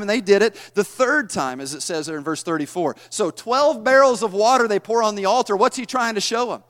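A man preaching a sermon, retelling scripture in a folksy, animated style. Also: high voice, fast, few pauses. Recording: long hall reverb.

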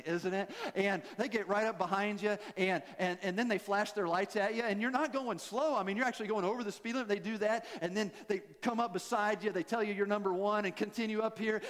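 Folksy high-voiced preacher in a reverberant hall. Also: male voice, fairly bright tone. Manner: folksy, joking, with self-deprecating asides. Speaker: pastor. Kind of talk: sermon.

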